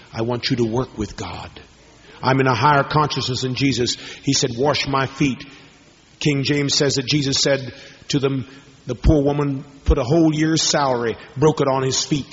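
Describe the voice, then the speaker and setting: A man preaching a sermon to a hall audience, telling stories dramatically and moving from hushed tones to raised ones. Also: medium pitch. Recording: dull lo-fi recording with long hall reverb.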